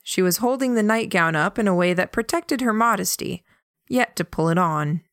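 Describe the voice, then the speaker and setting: A woman reading a novel aloud as a first-person audiobook narrator, calm and even. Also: medium pitch, moderate pace, no echo, studio quality.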